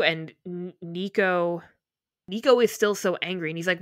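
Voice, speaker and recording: A woman's voice: on the low side, steady tone, measured pace, a bit bright, no room sound, studio quality. A woman co-hosting a podcast, casually retelling scenes from a book and acting out the characters' lines. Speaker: podcast co-host.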